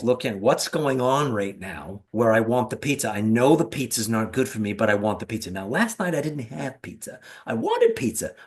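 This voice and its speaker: A man hosting an interview, talking earnestly and openly, thinking aloud about himself. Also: mid-range voice. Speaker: podcast host. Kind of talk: conversational interview.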